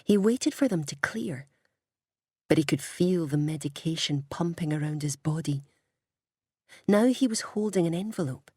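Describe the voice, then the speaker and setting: Woman reading a story, low husky voice, dead dry sound. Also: expressive, normal speed, mellow, no room sound. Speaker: audiobook reader. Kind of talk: storybook narration.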